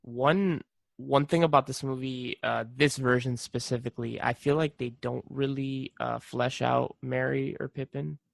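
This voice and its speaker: A man's voice: mid-range voice, fairly even intonation, a little slow, gravelly, no room sound. A man co-hosting a podcast in casual chat, laid-back, asking questions and laughing often. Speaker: podcast co-host.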